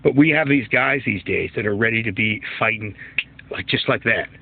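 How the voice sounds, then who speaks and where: A middle-aged man with a gravelly, slightly low voice holds forth in a blunt, profane solo rant. The sound is thin and tinny, as if over a phone line. He talks casually, swearing freely as he airs his opinions. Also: moderate pace, no room sound. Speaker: solo commentary host. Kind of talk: casual ranting monologue.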